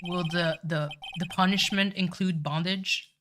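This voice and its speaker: A woman's voice: lowish voice, unhurried, pushed and bright. A woman streamer chatting casually while playing a game, talkative, swearing and saying "like" a lot. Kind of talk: casual live-stream chat.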